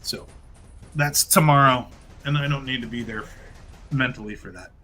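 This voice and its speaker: A man at a tabletop game, rambling about everyday matters between turns. His voice is bright and forward, at a middle pitch, and he talks in a loose, chatty flow. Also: moderate pace, soft background music. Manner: chatty, rambling, laughs often. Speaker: player. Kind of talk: casual chat.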